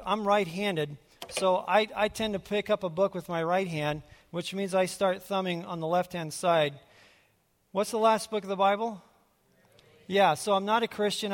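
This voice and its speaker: A man preaching a sermon in a relaxed, conversational way, telling his own story with frequent restarts. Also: sits high. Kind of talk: sermon with personal testimony. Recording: hall reverb.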